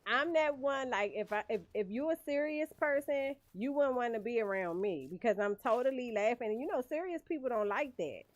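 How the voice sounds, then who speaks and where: A woman's voice: a little high, expressive, a little fast, hardly any pauses, no echo, dull audio. A woman streaming a game, chatting casually with viewers and laughing often. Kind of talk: casual livestream chat while gaming.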